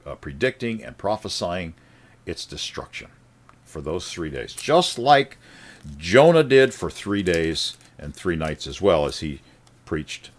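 A man preaching a sermon, reading scripture and explaining it with emphatic rises and quiet drops. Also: deep voice, measured pace. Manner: animated, rising emphatic then dropping quiet.

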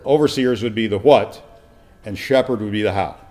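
A man's voice: on the low side, moderate pace, darkish tone. Guy pastor going verse by verse, chatty, keeps asking the room questions. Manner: conversational, asks the listeners rhetorical questions. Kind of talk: verse-by-verse Bible teaching.

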